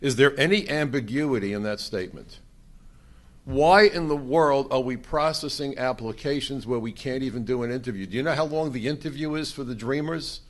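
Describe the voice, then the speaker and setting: A man's voice: medium pitch, moderate pace. An older man speaking to a conference audience, emphatic and fond of rhetorical questions. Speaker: conference speaker, former immigration agent. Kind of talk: conference speech to a live audience. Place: conference room.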